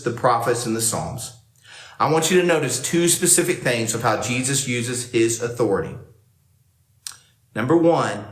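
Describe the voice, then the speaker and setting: A man preaching a sermon to a camera for online worship, talking in a conversational way and acting out the lines he quotes. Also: mid-range voice. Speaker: pastor. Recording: roomy echo.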